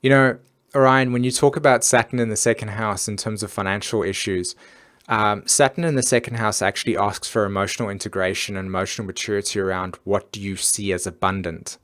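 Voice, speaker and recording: A man's voice: lowish voice, steady tone, brisk, fairly bright tone. A man hosting an astrology live stream, talking earnestly and casually with many fillers and restarts.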